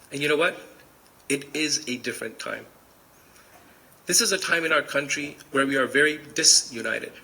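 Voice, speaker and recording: A man's voice: medium pitch, pushed and bright, low-quality recording. A middle-aged man giving a commencement speech, telling stories earnestly and speaking directly to the audience.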